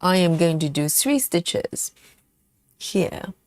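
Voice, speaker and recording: Female stitching streamer, unhurried and chatty, with a lilting, swooping voice and dry close sound; laughs a lot. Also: on the low side, lively intonation, dry recording. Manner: chatty, laughs often, thinks aloud. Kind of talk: live stitch-along chat.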